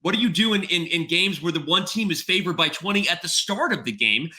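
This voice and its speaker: A man's voice: sits high, lively intonation, brisk, sharp tone. A middle-aged man talking as a guest on a podcast, in casual chat, thinking aloud and checking in with "right?" after his points. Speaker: podcast guest, chess executive.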